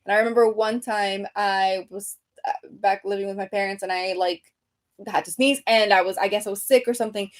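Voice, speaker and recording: A woman's voice: mid-range voice, steady tone, a little fast. A woman in her thirties casually chatting on a home livestream, reading comments aloud with many ums and restarts. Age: 30s. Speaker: creator hosting a livestream. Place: room at home. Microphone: computer webcam mic, seated at desk.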